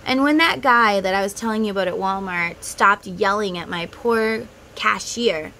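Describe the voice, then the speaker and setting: A woman's voice: mid-range voice, normal speed, pushed and bright, slight background noise, rough recording. Emotional woman rambling to her viewers. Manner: heartfelt, rambling, talks straight to viewers. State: emotional, close to tears. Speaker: tarot content creator. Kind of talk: casual monologue to camera.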